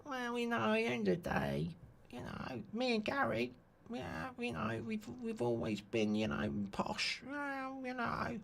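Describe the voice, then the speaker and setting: A man putting on the voice of a posh male footballer, slow, hushed and breathy, full of fillers. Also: very high voice, lively intonation, slight background noise, pitched above the performer's own voice, heavily acted. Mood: dreamy. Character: soft-spoken posh male footballer, dreamy.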